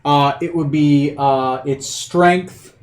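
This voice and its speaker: A man's voice: fairly high pitch, fairly even intonation, takes it slowly. A man acting as game master for a tabletop game, narrating loosely with many fillers and restarts. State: has the hiccups.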